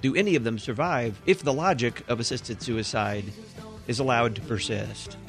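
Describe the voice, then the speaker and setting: A man hosting a radio talk show who asks his guest measured, probing questions. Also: mid-range voice, soft background music. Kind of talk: interview questions.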